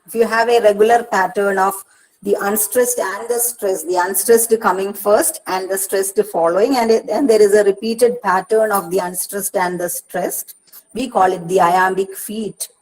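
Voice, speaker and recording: A woman's voice: mid-range voice, fairly even intonation, moderate pace, darkish tone, poor audio. A woman with an Indian English accent, a university counsellor, giving an online lecture and explaining step by step with frequent "see" and "uh".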